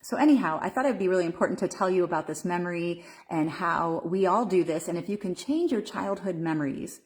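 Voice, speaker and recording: A woman's voice: lowish voice, expressive, fast talker, darkish tone. A woman coaching viewers during a live video stream, talking casually with frequent fillers and restarts. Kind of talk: Facebook Live talk.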